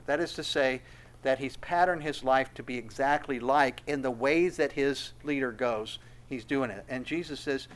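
A middle-aged man preaching an expository sermon, rising to loud emphatic peaks and falling to soft asides. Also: fairly high pitch. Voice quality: laughs softly between points. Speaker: pastor.

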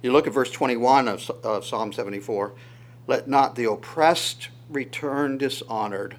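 A man preaching a sermon verse by verse, asking rhetorical questions and chuckling now and then. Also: mid-range voice. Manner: animated, voices God's words in quotes, asks rhetorical questions, chuckles. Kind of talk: sermon teaching through Psalms.

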